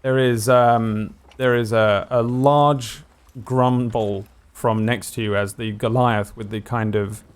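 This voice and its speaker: A man's voice: mid-range voice, fairly even intonation, takes it slowly, clear, resonant tone. A man narrating a tabletop game as game master, describing the scenes with many fillers. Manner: descriptive, hesitant, full of fillers.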